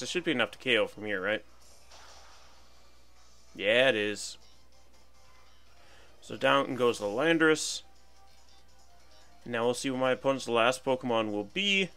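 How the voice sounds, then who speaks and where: This gaming commentator, a young man, has a sharp tone at medium pitch. He talks through his own battle game in a relaxed, playful way, musing out loud over each move as he chats.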